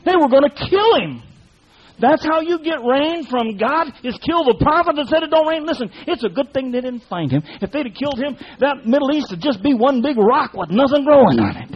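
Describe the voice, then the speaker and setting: A man's voice: extremely high pitch, lively intonation, fairly quick. A man preaching a sermon in a fiery, folksy way, full of colloquial speech. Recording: dull lo-fi recording.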